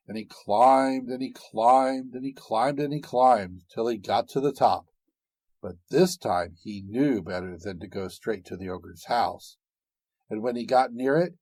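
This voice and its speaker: A man narrating a fairy tale, expressive and dramatic in an unhurried way. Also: mid-range voice, slightly rough, dry recording. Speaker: storyteller.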